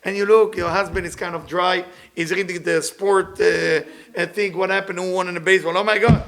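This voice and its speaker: A man giving a spiritual lecture as a Kabbalah teacher, speaking non-native English with broken grammar. He acts out the people he quotes and sometimes drops to a hush. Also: sits high, level tone, fairly quick, vocal fry.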